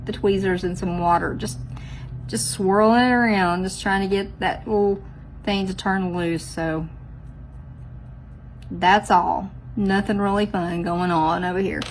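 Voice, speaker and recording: A woman's voice: medium pitch, steady tone, unhurried, a little hiss or hum, low-quality recording. A woman, chatting casually to viewers as she does her nails, teasing herself as she goes. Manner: chatty, self-teasing, talks straight to viewers. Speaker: nail art vlogger. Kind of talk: casual chat while doing nails.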